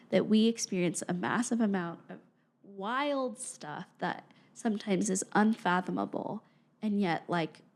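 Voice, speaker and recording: A woman's voice: on the low side, a little mellow. A young adult woman speaking earnestly and reflectively as an interview guest, often dropping to a near-whisper. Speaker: podcast guest, mental health professional. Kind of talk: conversational interview.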